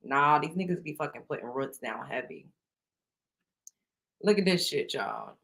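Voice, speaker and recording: With a low, gravelly and somewhat bright voice, a woman hosting a casual chat show tells stories at an unhurried, expressive pace. She's blunt and profane, often laughing while she speaks.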